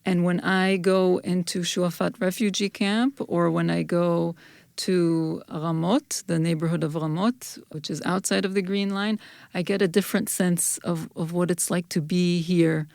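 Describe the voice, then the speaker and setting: Woman guest on a podcast: low, a bit gravelly, thoughtful and unhurried. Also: steady tone, darkish tone, dry recording, studio quality. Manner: thoughtful, measured, with restarts. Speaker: guest scholar, folklorist and anthropologist. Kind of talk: podcast interview answers.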